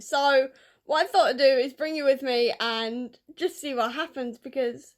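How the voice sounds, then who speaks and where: A woman book vlogger chatting casually, gushing and tearful with excitement, full of fillers. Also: high-pitched, brisk. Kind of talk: casual vlog chat.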